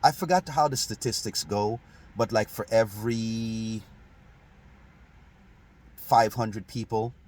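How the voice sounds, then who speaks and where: A man's voice: lowish voice, takes it slowly, long pauses, a little mellow. A man from Saint Kitts and Nevis hosting a casual history chat, conversational, laughing often and restarting sentences. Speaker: host.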